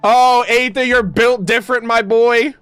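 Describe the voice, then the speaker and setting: Young guy streamer freaking out over a game, high swoopy voice, faint game music behind. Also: fairly even intonation, unhurried. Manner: emotional, loud exclamations and swearing. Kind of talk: excited gameplay reaction.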